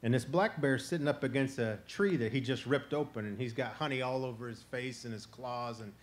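A man from Florida telling a traditional animal tale live to an audience, conversational and animated, breaking into chanted song. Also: medium pitch, a little fast, a little hiss or hum. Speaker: storyteller. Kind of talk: live oral folk storytelling.

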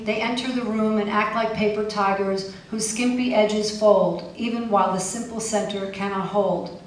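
A woman's voice: mid-range voice, a little hiss or hum. A woman poet giving a live poetry reading with a wry, pointed delivery and casual asides between poems. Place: poetry festival venue. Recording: echoey room, mic far off, faint ambience.

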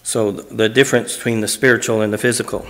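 A man's voice: on the low side, little pitch movement, fast talker, fairly bright tone. A man, a pastor in church, teaching through a Bible passage verse by verse, reading each verse aloud and explaining it phrase by phrase in plain, conversational words.

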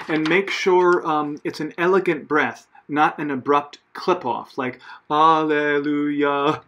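A man directing a church choir, who explains breathing and cutoffs plainly and patiently. His voice sits a little high for a man, and he often pauses on fillers and corrects himself mid-phrase. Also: fairly bright tone. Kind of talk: conducting rehearsal instructions.

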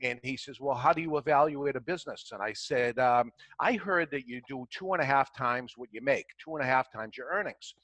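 As a talk show guest, a man casually spins a long anecdote, acting out both sides of old conversations in quoted dialogue. His mid-range voice is fairly quick and fairly bright. The recording has no echo but is rough.

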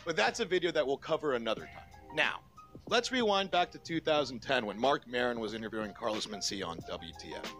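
A man narrating a comedy history video in a measured, explanatory way. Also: medium pitch, animated, fairly bright tone, soft background music. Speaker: comedy commentary YouTuber. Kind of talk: scripted reaction narration.

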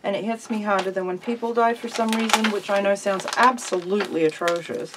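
A woman's voice: mid-range voice, fairly even intonation, a little fast, noisy background. An older woman chatting casually to camera as a craft vlogger at her table at home, rambling and giggling easily.

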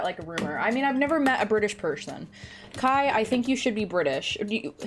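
A woman streamer chatting casually and rambling in a joking, self-deprecating way, close to her microphone at home. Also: mid-range voice. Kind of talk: casual gaming stream chat. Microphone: close desk microphone.

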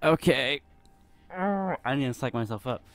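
A man's voice: medium pitch, animated, moderate pace, no echo. A young man giving nervous, rambling commentary while playing a horror game, full of fillers. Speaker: gameplay commentator. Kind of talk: let's play commentary.

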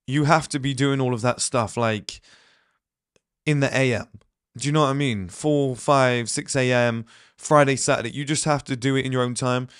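A man's voice: mid-range voice, steady tone, clear, resonant tone, no echo, clean studio sound. A man who says he is ill, giving a blunt motivational talk to his viewers and acting out little quotes along the way. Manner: blunt, rapid asides and acted-out quotes. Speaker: host. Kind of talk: motivational monologue.

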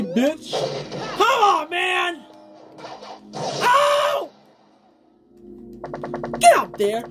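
High, shouty gamer cursing over game music. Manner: yelling, swearing, trash-talking. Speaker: gameplay commentator. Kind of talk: loud profane gameplay commentary. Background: loud game music.

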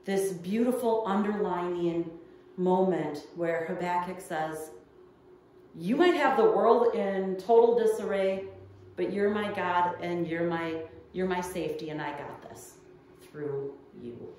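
A woman's voice: lowish voice, takes it slowly, a little mellow, slight background noise. A woman pastor delivering a midweek sermon, telling a personal story in an earnest, storytelling way. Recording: echoey room heard from far off.

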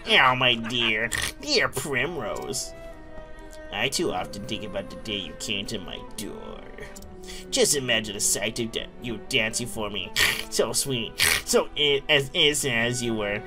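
A man voicing a sleazy, cruel brothel master, reading his lines slow and oily. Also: lowish voice, expressive, loud music behind the voice. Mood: gloating.

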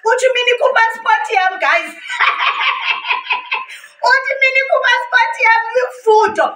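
A South African woman, a native Xhosa speaker, telling a storytime vlog in an animated way, switching languages and laughing often. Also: very high-pitched, moderate pace, roomy sound, far from the mic, low-quality recording. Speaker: vlogger.

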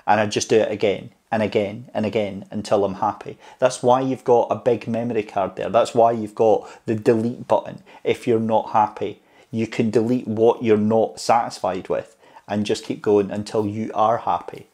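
A man's voice: lowish voice, steady tone, mellow. A man giving casual, encouraging tips on speaking to camera in a vlog. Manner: chatty and encouraging, speeds up and slows down for emphasis. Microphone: clip-on mic on camera tripod.

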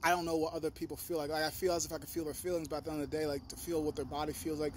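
A young man vlogging in a rambling, profane, animated monologue. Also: very fast, a little hiss or hum. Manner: talks in a high sing-song to his dog.

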